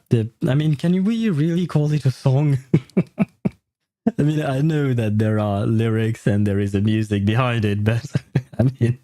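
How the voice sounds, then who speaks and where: French-native guy streaming a game, rambly and laughing a lot, warm low-key tone. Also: dry recording. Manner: rambling, chatty, laughs often. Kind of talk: casual livestream chat.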